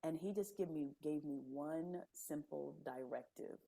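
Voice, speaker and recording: A woman guest on a podcast, telling her story in a casual, animated way and acting out the conversations she describes. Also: sits low, a little slow, creaky. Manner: animated, laughing storyteller who acts out quoted dialogue.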